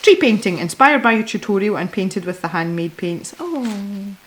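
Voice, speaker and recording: A woman hosting a casual unboxing video, chatty and excitable, giggling often as she opens parcels of art supplies. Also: medium pitch, normal speed. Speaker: art supply channel host.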